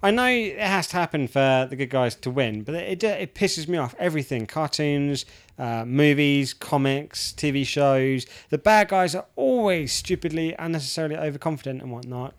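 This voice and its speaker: A man's voice: fairly high pitch, moderate pace. A man in his thirties ranting in casual chat, swearing freely and restarting his sentences.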